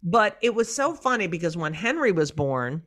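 On an interview show, a middle-aged woman comedian chats in a lowish voice at a normal speed. She's an energetic storyteller who does voices for the people she quotes and swears freely throughout the casual conversation.

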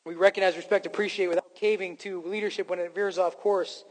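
Brisk and steady in tone, a high-voiced pastor delivers an emphatic sermon peppered with jokes about himself. The recording carries the long hall reverb of a church sanctuary.

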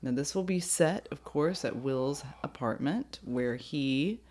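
A woman with a notably low voice hosts a loose podcast chat. She giggles, rambles and trails off as she teases her co-host. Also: expressive, slow, darkish tone. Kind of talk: casual chat.

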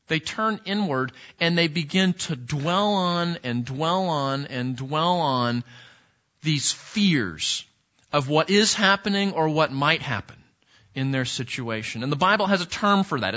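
Bright-voiced man preaching, lo-fi. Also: sits high. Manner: earnest, conversational preaching with frequent restarts. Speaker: pastor. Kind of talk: sermon.

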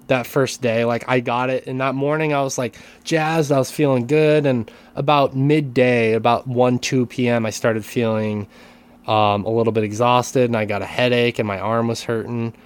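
A man's voice: mid-range voice, fairly even intonation, moderate pace, smooth. A man co-hosting a casual podcast, talking with many restarts and careful hedging. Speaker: podcast co-host and teacher.

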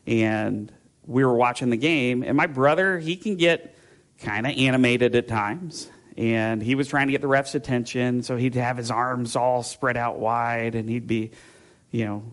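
A man pastor giving a conversational sermon, rambling through personal stories with fillers and restarts before turning to scripture. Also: mid-range voice. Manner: casual, rambling storytelling with fillers and self-interruptions.

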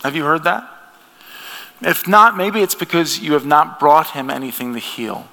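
Gravelly, bright-voiced man preaching in a hall. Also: fairly high pitch, normal speed. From United States. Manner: earnest, conversational preaching with restarts. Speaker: pastor. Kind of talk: sermon. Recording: long hall reverb.

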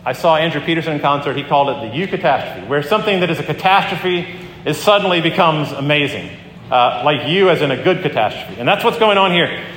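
A middle-aged man delivers a sermon in a conversational way, pausing with ums and starting sentences over. His voice sits a little high for a man. It rings out in a roomy church sanctuary with a long echo and faint ambience. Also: animated, a bit bright, slight background noise. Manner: conversational storytelling with frequent ums and restarts. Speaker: pastor. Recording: echoey hall with long reverb, faint ambience.

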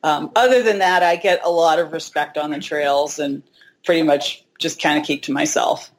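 Brief: middle-aged woman, interview guest, animated storyteller, voice swoops up when quoting people. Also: deep voice, moderate pace. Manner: animated, acts out quoted dialogue.

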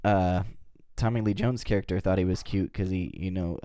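A man chatting casually about a movie with friends, laid-back and halting, often restarting his sentences. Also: low-pitched, steady tone, warm tone, clear, resonant tone, no echo, studio quality. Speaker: co-host of a movie review chat.

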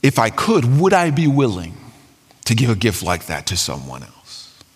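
A man preaching a sermon as pastor, animated and dramatic, acting out quotes with sudden swings in his voice. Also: fairly low pitch, normal speed, breathy edge, in a large hall.

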